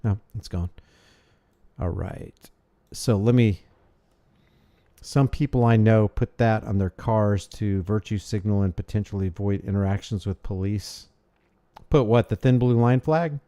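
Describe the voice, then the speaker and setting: A man's voice: on the low side, measured pace, pauses often, warm tone, muffled recording. A man hosting a casual livestream, rambling and thanking viewers by name as he reads their messages. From United States. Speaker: livestream host. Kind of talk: casual livestream chat reading super chats.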